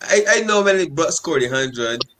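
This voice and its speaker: A man calling in to a cricket show, making his point slowly with restarts. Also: fairly high pitch, animated, fairly bright tone, slight background noise. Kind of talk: sports debate.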